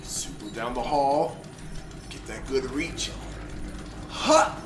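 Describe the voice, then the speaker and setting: A man's voice: medium pitch, slow pace, background noise. A man playing a horror game and talking through it, cursing, yelping and muttering to himself as he runs from danger. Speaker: let's play gamer. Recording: roomy echo with game music.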